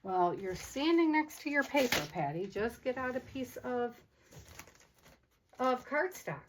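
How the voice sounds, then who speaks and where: Here a crafting channel host speaks in a high, expressive voice at an unhurried pace, with slight noise behind her. She's candid and pokes fun at herself, addressing her materials mid-project in a relaxed vlog.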